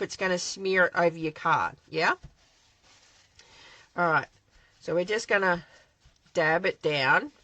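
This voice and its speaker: A woman's voice: on the low side, pushed and bright, no echo, low-quality recording. An Australian woman hosting a live craft demonstration from her home craft shed, chatting in a rambling way and answering viewer comments as she works.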